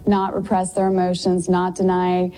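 A woman speaking in a played clip, earnest and measured as she explains her view. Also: fairly low pitch, monotone, dark tone, rough recording. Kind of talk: earnest advocacy speech.

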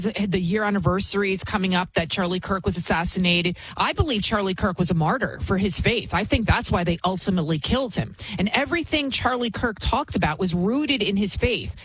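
A woman's voice: mid-range voice, fairly quick, fairly bright tone, husky, no echo, poor audio. A woman hosting a commentary show, talking in a heated, emphatic and repetitive ranting manner while introducing clips. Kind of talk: opinionated commentary.

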